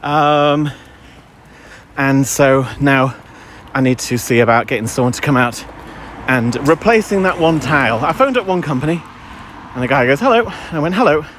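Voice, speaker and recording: A middle-aged Englishman, a vlogger, chats and tells stories while walking his dog outdoors, wry and mimicking voices in a casual, chatty live-stream rant. His mid-range voice has a fairly bright tone and normal speed. There's slight background noise.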